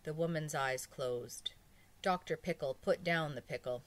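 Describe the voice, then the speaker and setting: A woman reading a children's story aloud in an expressive storybook manner. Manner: expressive, slow, lively pitch. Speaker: audiobook reader. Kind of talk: storybook narration.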